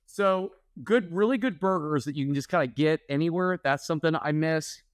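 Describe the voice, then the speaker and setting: Podcast co-host, man from Oklahoma, animated storyteller, slightly high voice. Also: a little fast, clean tone, no echo, studio quality. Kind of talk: casual podcast chat.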